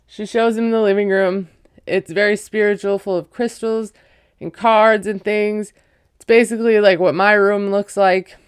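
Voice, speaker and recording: Speaking in a smooth mid-range voice with a steady tone and moderate pace, a woman recaps a reality show episode. She's a parent and recap vlogger, and her casual, rambling talk is filled with fillers, frequently "like" and "you know."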